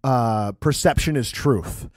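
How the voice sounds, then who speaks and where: A man's voice: medium pitch, slow pace, dry recording, studio quality. A man co-hosting a podcast as a counselor, reflecting earnestly in casual chat and adding teasing interjections.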